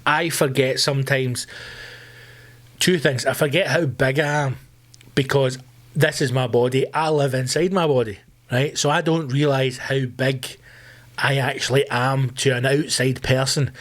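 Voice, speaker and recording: A Scottish man hosting a solo comedy podcast, ranting loudly and swearing, with sudden screamed bursts. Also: medium pitch, fairly even intonation, measured pace. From Scotland. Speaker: podcast host.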